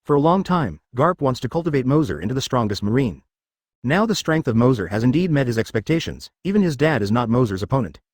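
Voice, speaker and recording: A man's voice: medium pitch, sing-song, fast talker, no echo, studio quality. A man reading a story as narrator in a mechanical way, saying symbols and numbers aloud. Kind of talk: scripted narration.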